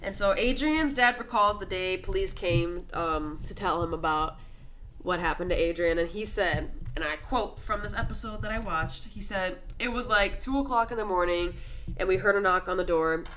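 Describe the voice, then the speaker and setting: A woman's voice: on the low side, moderate pace, fairly bright tone, slight background noise, low-quality recording. A woman hosting a casual true crime podcast, swearing often, saying "like" constantly, and tearful as she talks. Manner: casual, swears a lot, fillers like "like". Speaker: podcast host.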